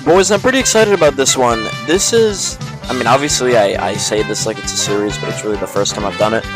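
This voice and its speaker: A man's voice: mid-range voice, fast, music in the background, rough recording. A young man running his own MMA channel, ranting bluntly and swearing freely through casual fight predictions. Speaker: MMA YouTuber.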